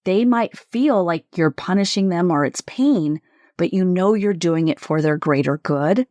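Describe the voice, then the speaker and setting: Woman coach talking solo on her podcast, lowish voice, dry close mic, leans hard on key words. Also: lively intonation, unhurried, a little mellow, no room sound. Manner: reflective, emphatic, repeats questions with shifting stress. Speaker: leadership coach podcast host.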